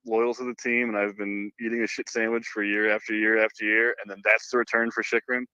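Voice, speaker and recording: A man's voice: fairly low pitch, flat delivery, fairly quick, bright, forceful tone, clean tone, no echo. Man, podcast guest, casual chat, loose and profane, dull dry sound. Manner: chatty, swears casually.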